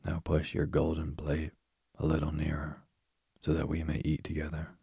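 Man voicing a pushy male frog, storybook, very deep, raspy, monotone. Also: normal speed, no room sound, clean studio sound, exaggerated voice. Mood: demanding. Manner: insistent, demanding.

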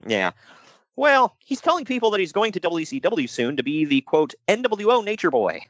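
A man co-hosting a casual podcast chat, animated and jokey, slipping into mock voices. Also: high voice, normal speed, dry recording. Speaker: podcast co-host.

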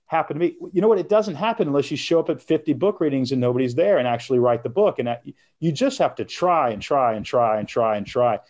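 A man's voice: mid-range voice, lively intonation, quick pace, darkish tone. A middle-aged man telling a personal story as an interview guest, acting out quotes and laughing now and then. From United States. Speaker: guest author.

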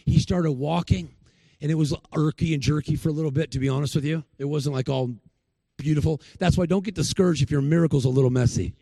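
A man's voice: on the high side, fast, vocal fry, warm tone, no room sound. A male preacher giving a sermon, telling stories and acting out the people he quotes. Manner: storytelling, acts out the people he quotes.

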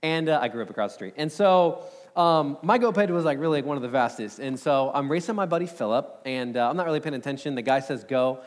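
A man in his thirties preaching a sermon, telling a personal story in a casual, energetic way with lots of fillers. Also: medium pitch, fast. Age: 30s. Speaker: pastor. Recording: long hall reverb.

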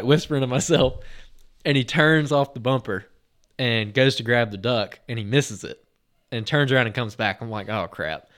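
A man with an ordinary, mid-range voice tells a story on a podcast. He rambles, doubles back on himself and fills his sentences with "like" and "uh". His delivery stays relaxed and conversational as he relives the moment. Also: medium pitch. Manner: rambling, filler-heavy retelling with many restarts; lively, excited anecdote telling. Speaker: podcast host.

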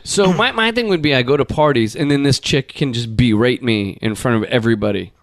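A middle-aged man hosting a casual podcast, rambling through stories and squeaking out quoted lines. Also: brisk, no echo, clean studio sound. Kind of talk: casual banter.

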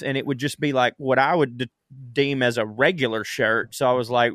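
A man's voice: mid-range voice, a little fast, a bit bright, no room sound, clean studio sound. A man co-hosting a podcast in casual chat, easygoing and joking as he tells small stories. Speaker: podcast co-host.

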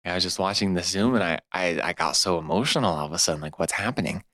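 A man's voice: low voice, rapid-fire, a bit bright, no room sound. A young man in his twenties from California, earnestly telling a heartfelt personal story as a podcast guest. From California, USA. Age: 20s. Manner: earnest and heartfelt, laughs at himself.

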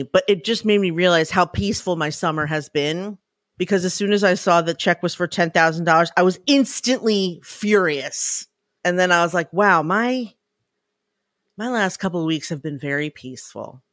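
A woman co-hosting a casual podcast chat, telling stories in a lively way and slipping into loud, excited voices for the people in them. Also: lowish voice, moderate pace, no echo, studio quality. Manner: animated storytelling, breaks into loud excited impressions. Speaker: podcast co-host.

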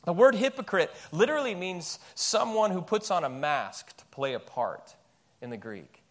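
In a church, a male pastor with a high-pitched voice preaches at normal speed. He's emphatic and animated, firing off rhetorical questions.

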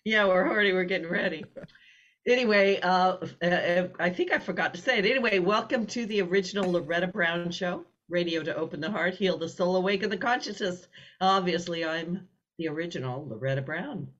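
A woman's voice: on the low side, a little fast. Giggly chatty woman radio host. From Pacific Northwest. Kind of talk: casual morning radio chat. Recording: slightly dull lo-fi sound.

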